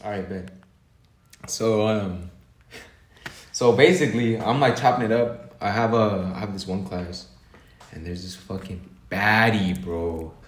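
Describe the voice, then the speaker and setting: Low-voiced teen guy, echoey room. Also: unhurried, long pauses. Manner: mumbly, self-deprecating, profane slang. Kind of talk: casual chat among friends. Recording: echoey room with faint noise.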